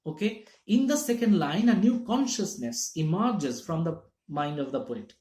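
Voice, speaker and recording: A man's voice: on the high side, expressive, moderate pace, a little mellow. A man teaching literature in a classroom-lecture style, explaining step by step and checking in with his listeners. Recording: echoey room.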